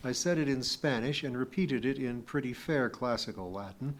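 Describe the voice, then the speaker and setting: A male audiobook reader telling a story in plain first-person narration. His voice sits at an average pitch for a man, and he keeps the delivery even and measured. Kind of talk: scripted narration.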